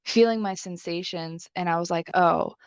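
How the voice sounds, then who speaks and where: A woman's voice: on the low side, moderate pace, smooth, no echo. A young adult woman co-hosting a podcast, telling a personal story in a casual, chatty way and leaning heavily on the filler "like". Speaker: podcast co-host.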